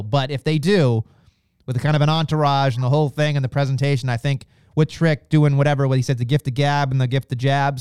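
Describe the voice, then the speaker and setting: A man co-hosting a wrestling podcast, blunt and profane, ranting in animated casual chat. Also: mid-range voice, clear, resonant tone, no echo, clean studio sound.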